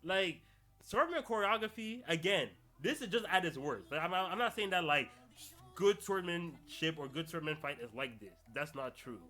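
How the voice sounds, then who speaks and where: A man's voice: on the high side, animated, moderate pace, sharp tone, soft background music. A young adult man hosting a podcast, talking in casual, slangy solo commentary and laughing through his rants. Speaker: podcast host.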